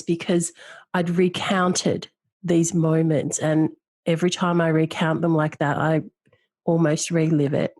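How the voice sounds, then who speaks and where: A woman hosting a podcast, talking in an earnest, reflective way and slowing down on the words that matter most to her. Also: deep voice, flat delivery, a little mellow, no room sound. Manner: earnest, reflective, speaks slowly at key words. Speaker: podcast host. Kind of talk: emotional podcast conversation.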